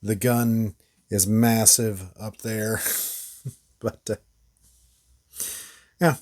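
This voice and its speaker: A man's voice: lowish voice, fairly even intonation, drawn-out words, darkish tone. A man hosting a casual toy review, rambling with frequent fillers and short laughs. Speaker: toy reviewer, channel host.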